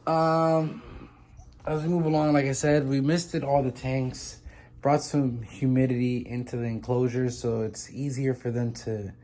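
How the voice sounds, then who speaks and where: Male vlogger, average pitch, loose and chatty, self-correcting, phone mic indoors with faint ambient noise. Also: level tone, unhurried, dark tone. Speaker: vlogger and reptile keeper. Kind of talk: casual walkthrough vlog. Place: indoor room with reptile tanks. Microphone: handheld phone.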